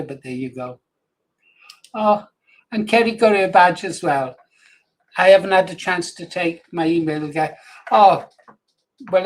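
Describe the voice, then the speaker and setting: An older man presenting a radio show, chatting in a rambling, anecdotal way with frequent chuckles. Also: on the high side. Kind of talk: casual radio chat.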